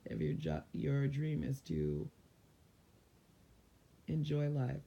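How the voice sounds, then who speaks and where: A man's voice: mid-range voice, very animated, slow pace, creaky, mellow, lo-fi sound. A man from San Diego giving casual motivational advice to viewers in a loose, conversational way. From San Diego, California. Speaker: mindfulness vlogger.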